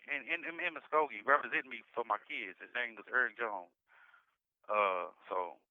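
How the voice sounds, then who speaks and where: A man's voice: mid-range voice, no room sound. Guy telling his story over a jail phone, tinny line, stammers and repeats himself, speaks in dialect. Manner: halting, repetitive, frequent restarts and "you know what I'm saying". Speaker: incarcerated interviewee. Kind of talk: recounting past events in conversation. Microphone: jail phone call.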